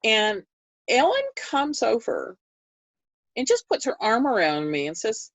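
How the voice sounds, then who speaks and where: A woman guest in an interview, telling a story in a conversational way and acting out the quoted dialogue with big jumps in pitch. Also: very animated, measured pace, no room sound, lo-fi sound. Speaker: interview guest recounting history.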